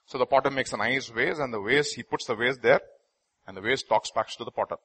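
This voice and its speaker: A man preaches a sermon as a pastor, speaking dramatically at a medium pitch with a breathy edge. He swings between quiet asides and loud pleading, slowing down to stress key lines.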